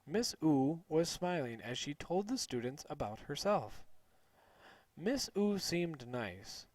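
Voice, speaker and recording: A man reading a children's story aloud slowly and clearly for English learners. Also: fairly high pitch, no room sound. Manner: slow, clear, expressive.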